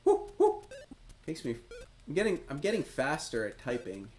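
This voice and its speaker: Cheering and chatting to his audience, an excitable streamer gives live commentary on a retro quiz game. He has a mid-range voice and a fairly quick delivery.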